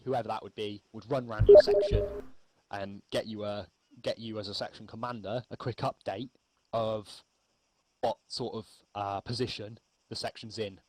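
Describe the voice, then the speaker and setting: Low-voiced man teaching casually. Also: no room sound, low-quality recording. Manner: relaxed, rambling, frequent ums. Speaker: milsim infantry instructor. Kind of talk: casual spoken lesson.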